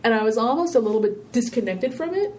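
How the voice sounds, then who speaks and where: Woman, interview guest, warm mellow tone, rambling and animated, faint low rumble behind. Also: fast talker. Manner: rambling, animated storytelling with many "you know"s. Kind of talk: casual interview conversation.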